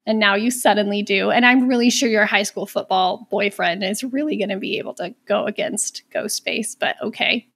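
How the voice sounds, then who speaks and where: A woman's voice: mid-range voice, normal speed, few pauses, fairly bright tone. A woman co-hosting a podcast, recapping a horror movie in casual, sarcastic chat and swearing freely. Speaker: podcast co-host.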